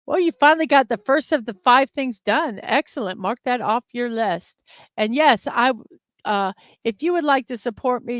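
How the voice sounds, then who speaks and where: A woman's voice: a little high, fairly bright tone, dry recording. A woman hosting a daily morning livestream, chatting casually and giggling as she talks to viewers in the chat. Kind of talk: casual live-stream chat.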